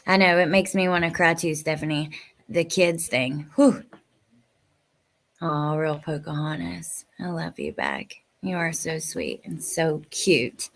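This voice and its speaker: A woman hosting a live stream, chatting casually and emotionally as she answers viewer comments, sometimes sinking to a soft near-whisper. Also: deep voice, lively intonation, a little slow. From West Virginia. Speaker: livestream host.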